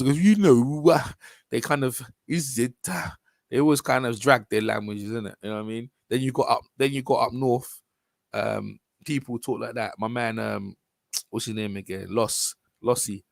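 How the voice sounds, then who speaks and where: Man, London accent, gravelly voice, dry close sound, rambling casual boxing commentary. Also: medium pitch, no room sound. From London, England. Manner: rambling, informal, with frequent restarts and fillers. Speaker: boxing channel host. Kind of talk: casual commentary over a fight video.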